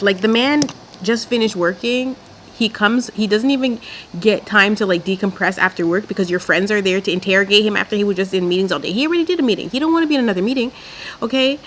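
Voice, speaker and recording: A sassy young woman delivers a blunt, outspoken reality show recap at home while doing her makeup. Her pitch sits in a middle range for a woman, and a faint background noise sits behind her. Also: fast, rough recording. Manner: sassy, blunt and outspoken, sprinkling in mild swearing. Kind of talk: casual commentary.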